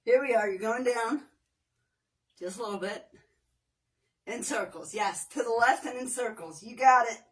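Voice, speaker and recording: Working through exercises on a live workout stream, a woman counts reps, jokes with viewers, and bursts into playful off-key singing, at times sounding strained. Her voice is on the high side, at a moderate pace with long pauses, and the mic is far off.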